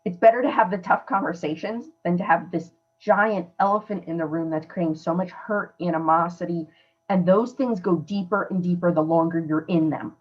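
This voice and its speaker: A woman's voice: fairly low pitch, moderate pace, dull audio. A woman hosting a podcast, giving earnest, emphatic advice in a conversational way. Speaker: podcast host. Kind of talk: casual coaching talk.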